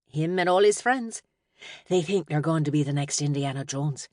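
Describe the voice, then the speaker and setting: A woman's voice: low-pitched, normal speed, darkish tone, no room sound, studio quality, natural voice. A woman playing a friendly Northern English mum. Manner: friendly, rounded vowels. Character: cheerful woman agent, mother.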